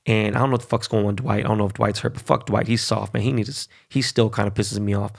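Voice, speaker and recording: A man's voice: lowish voice, fairly even intonation, fast talker, vocal fry. A man in a casual, heated sports rant, swearing freely and rambling between points.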